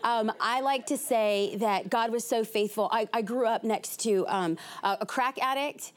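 Woman, young adult, from east los angeles, lively fast talk, talk show guest. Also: fairly high pitch. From East Los Angeles, USA. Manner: animated, fast and talkative.

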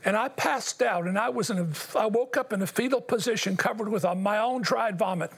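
Husky, gravelly older man telling his story. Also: sits high, fairly quick. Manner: earnest, emotional storytelling addressed to the host. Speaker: interview guest. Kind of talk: personal testimony.

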